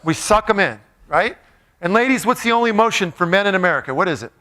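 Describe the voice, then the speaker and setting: Bright, high-voiced playful male speaker. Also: lively intonation, quick pace. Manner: playful, joking, asks the crowd questions. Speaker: motivational speaker. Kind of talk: live talk to an audience.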